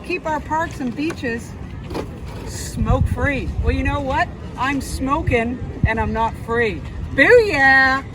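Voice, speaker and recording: A performer doing chirpy Sharon from Canada, high voice. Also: slow. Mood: cheery. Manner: bubbly, loud cheers, chatty with passersby. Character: overeager chirpy woman reporter persona from Canada. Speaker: street performer, juggler. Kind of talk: comic street show banter. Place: outdoor street festival among a crowd. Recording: loud crowd and street noise outdoors.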